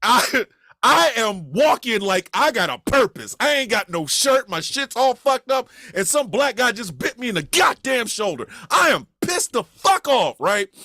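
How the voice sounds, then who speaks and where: A man from Kansas City telling a comedic story on a podcast. He talks in an animated, profane way, acting out the voices of the people in it and breaking into shouts. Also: very high-pitched, moderate pace, creaky, no echo, studio quality. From Kansas City, USA.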